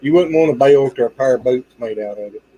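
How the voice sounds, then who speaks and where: A man's voice: mid-range voice, quick pace, dark tone, a little hiss or hum, rough recording. A man chatting casually in an easygoing, joking way. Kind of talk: casual chat.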